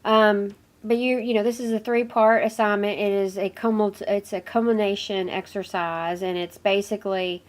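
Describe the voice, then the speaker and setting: Hoarse, nasal woman with a cold. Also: mid-range voice, steady tone, normal speed, few pauses. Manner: rambling, with many fillers and apologies. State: has a cold, hoarse at times. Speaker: course instructor. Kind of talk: informal recorded course lecture.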